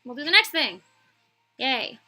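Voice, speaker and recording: Young woman w a little new york accent, chatty, lots of ums and laughs, really bright voice. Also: high voice, sing-song, unhurried, soft background music, low-quality recording. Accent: light New York, touch of Boston. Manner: chatty, laughs often, many fillers. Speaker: art streamer. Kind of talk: casual live-stream chat.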